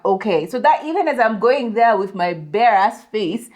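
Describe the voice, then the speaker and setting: A woman co-hosting a podcast in casual chat, animated and switching between English and Swahili. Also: mid-range voice, moderate pace. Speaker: podcast co-host.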